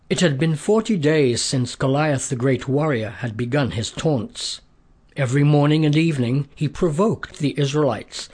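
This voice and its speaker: A man narrating a scripted story in a steady, measured way, with a husky voice. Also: mid-range voice.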